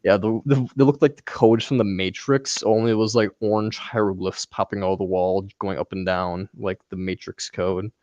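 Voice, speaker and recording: A young man in casual chat, telling animated stories, laughing often and swearing freely. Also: fairly low pitch, moderate pace, few pauses, dry recording. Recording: dull dry recording.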